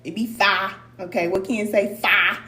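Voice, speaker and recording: A woman's voice: mid-range voice, steady tone, unhurried. Encouraging woman on an echoey live stream. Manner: warm, encouraging, calls viewers cousin, repeats for emphasis; loose colloquial speech. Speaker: spiritual teacher hosting a live stream. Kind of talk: casual live-stream pep talk to viewers. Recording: echoey room, distant mic, faint hum.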